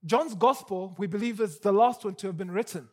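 A man preaching a sermon with animated emphasis, often repeating words as he builds his points. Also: high-pitched, a little fast.

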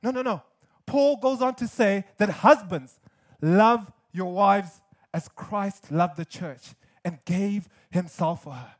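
High-pitched male pastor, earnest and emphatic preacher, sermon delivery with touches of humor. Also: takes it slowly.

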